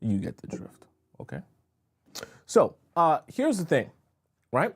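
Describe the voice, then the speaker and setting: A man's voice: a little high, huge pitch swings, takes it slowly, husky. A man coaching women on dating in a casual live stream, speaking frankly, reading viewer comments aloud and peppering his talk with "uh" and "right?". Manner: chatty, reads and answers viewer comments aloud; frank, repeats phrases and fills with "uh" and "right?".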